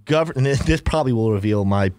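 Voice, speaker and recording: A man's voice: medium pitch, expressive, fast, darkish tone, dry recording. A man co-hosting a casual crypto livestream, reading viewer comments and giving earnest opinions.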